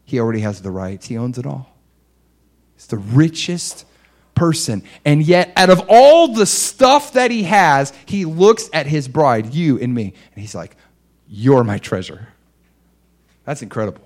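A young adult man preaching a sermon, earnest and emotional, his voice dropping soft and low, then lifting into excited outbursts. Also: normal speed.

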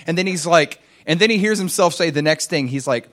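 A man preaching, telling a story in an animated way, chuckling and acting out what people said. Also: on the high side, a little fast. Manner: animated, chuckling storyteller who acts out quotes. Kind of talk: sermon storytelling.

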